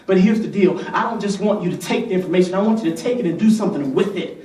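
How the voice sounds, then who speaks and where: A young man giving an energetic motivational speech to a youth conference, calling on the crowd to repeat his words. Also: sits high, fast talker. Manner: energetic, rhythmic, rallies the crowd. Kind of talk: motivational speech with call-and-response. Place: large conference hall. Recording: echoey hall from far off.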